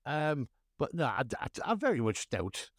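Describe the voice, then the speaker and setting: Lively, theatrical man hosting a podcast. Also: a little high, normal speed, dry recording, studio quality. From North East England. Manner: theatrical, mock-grand scene-setting. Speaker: podcast co-host. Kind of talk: casual chat.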